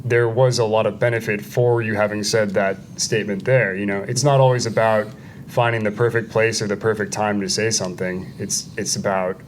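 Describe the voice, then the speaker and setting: Casting: man with a lowish voice, calm and measured, faint background hiss. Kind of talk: casual chat.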